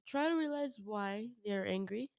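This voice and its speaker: A young woman, a guest on a chat show, explaining her ideas slowly with many ums and pauses. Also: medium pitch, animated, gravelly. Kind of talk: casual conversation.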